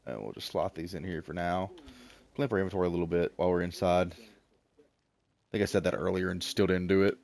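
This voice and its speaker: A low-voiced Southern man in his thirties, drawling through a relaxed gameplay stream. He rambles, pokes fun at himself and talks to the creatures on his screen like pets. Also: fast talker, gravelly, long pauses. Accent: Southern American. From Southern United States. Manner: rambling, self-mocking, chats to the game animals. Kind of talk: casual gameplay commentary.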